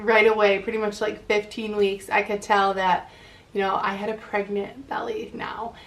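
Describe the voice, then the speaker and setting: A woman with a slightly high voice talks to camera in a casual, chatty vlog style, filling her sentences with "like." She sounds a little short of breath as she keeps talking. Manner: chatty, lots of "like" fillers. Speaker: vlogger.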